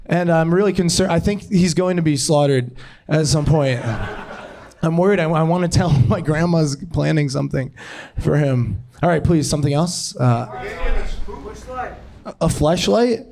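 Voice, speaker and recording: A young male comedian riffs off the top of his head on a club stage, rambling and breaking into giggles at his own ideas. His voice sits a little high for a man and comes through a handheld stage mic. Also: normal speed, creaky, darkish tone. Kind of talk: improvised stand-up.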